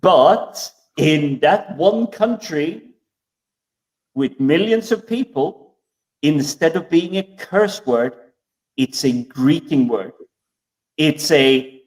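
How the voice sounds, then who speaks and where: A man's voice: on the high side, expressive, slow, darkish tone, distant mic, poor audio. A man co-hosting a casual panel chat, hesitant and stammering but eager in his storytelling. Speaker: podcast co-host.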